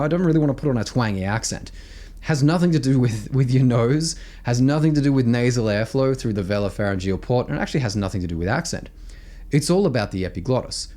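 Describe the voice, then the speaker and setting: An Australian man explains vocal exercises with lots of energy, his pitch jumping up and down as he talks. He presses his points hard and keeps tossing in "right?" to check the listener is following. He sounds like a singing teacher walking a student through the technique. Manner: animated, emphatic, peppers speech with "right?". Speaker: vocal coach. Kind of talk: instructional explanation with sung demos.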